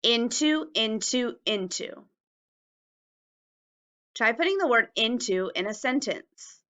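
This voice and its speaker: A woman teaching a phonics lesson to young children, stretching out words and spelling them letter by letter with careful, clear enunciation. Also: on the high side, lively intonation, slow pace, a bit bright.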